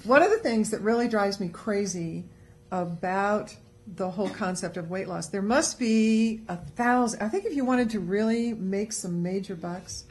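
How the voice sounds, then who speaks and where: A woman's voice: medium pitch, moderate pace, darkish tone, a little hiss or hum. A woman co-hosting a casual webcast talk show, chatty and upbeat as she gives tips. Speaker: co-host. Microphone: webcast studio mic.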